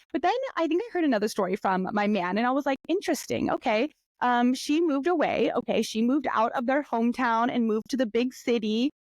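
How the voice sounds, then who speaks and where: A young woman hosting a podcast, chatting and telling stories in a lively way, often jumping up into high voices when she quotes people. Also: no echo. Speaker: podcast host. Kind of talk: casual solo podcast storytelling.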